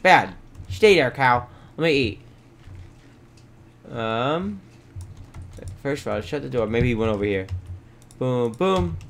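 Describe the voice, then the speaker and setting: Excitable gamer man with lively pitch. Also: unhurried, gravelly, long pauses, a little hiss or hum. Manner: excitable, yells and coaxes at game animals, rambling asides. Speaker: let's play host. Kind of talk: casual gameplay commentary.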